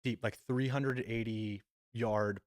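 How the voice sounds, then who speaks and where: Animated young man telling a story. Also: mid-range voice, slow pace, dry recording, studio quality. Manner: animated, swearing, frequent "dude" and "like". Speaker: podcast co-host. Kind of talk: casual storytelling chat.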